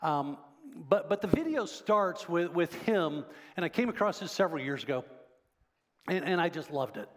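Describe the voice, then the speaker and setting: A man's voice: on the high side, big pitch swings, moderate pace. A man preaching a sermon in a conversational way, often asking the congregation questions. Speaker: pastor. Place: church sanctuary. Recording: long hall reverb.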